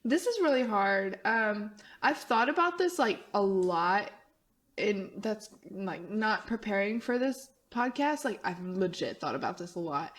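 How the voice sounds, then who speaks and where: A woman's voice: medium pitch, animated, unhurried, a bit bright. A woman with a thick Texan accent, co-hosting a podcast in chatty, casual talk full of fillers. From Central Texas. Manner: chatty, laughs often, many fillers. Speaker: podcast co-host. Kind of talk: casual chat.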